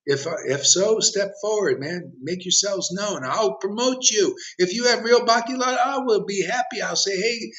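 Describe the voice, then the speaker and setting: A man's voice: high voice, normal speed, hardly any pauses, a bit bright. A man giving an impassioned, provocative sermon as a spiritual teacher, challenging his listeners directly. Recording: dull lo-fi recording.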